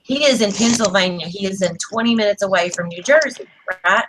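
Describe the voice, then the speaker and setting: A woman's voice: medium pitch, brisk, background noise. An adult woman from Oklahoma, a panel guest telling a story in casual chat. She talks bluntly and acts out what people said. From Oklahoma, USA. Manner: animated, blunt, acts out quotes.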